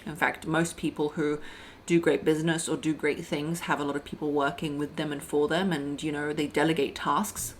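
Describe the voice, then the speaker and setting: A woman's voice: deep voice, little pitch movement, moderate pace, a little hiss or hum. A woman relationship coach giving frank, casual advice straight to camera. She talks to the listener like a friend, calling her girl and babe, and acts out quoted voices mid-sentence.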